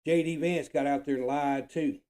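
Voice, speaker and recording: A man's voice: fairly high pitch, steady tone, normal speed, warm tone. A man from the United States hosting his own show, delivering a blunt, profane political rant and repeating his points with frustration. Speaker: show host.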